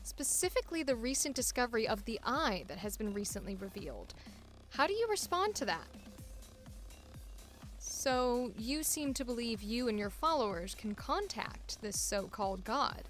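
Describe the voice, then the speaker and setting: A woman voicing a composed female TV host, reading in a measured newscaster delivery. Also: a little high, big pitch swings, fairly bright tone, faint music behind. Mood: probing. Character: composed female TV host interviewing a cult leader.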